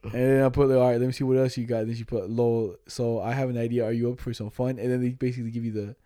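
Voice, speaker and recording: A man's voice: medium pitch, racing, no echo, clean studio sound. A man in his twenties, co-hosting a podcast, telling a story casually and profanely, acting out quoted chat lines. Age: 20s. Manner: animated, profane, retelling chats with quoted lines. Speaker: podcast co-host.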